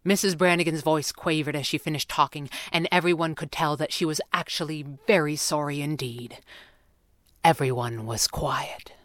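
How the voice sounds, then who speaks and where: A woman narrating a children's story aloud, expressive and voicing each character. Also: deep voice, normal speed, dry recording. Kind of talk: audiobook narration.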